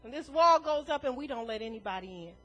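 A woman's voice: high-pitched, lively intonation, fast, a bit bright. A woman preaching a sermon to a congregation in a church, emphatic and full of rhetorical questions, chuckling between points.

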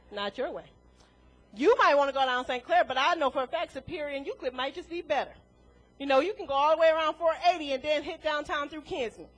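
A woman preaching a sermon in an animated way, laughing often and acting out the voices she quotes. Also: high voice, poor audio.

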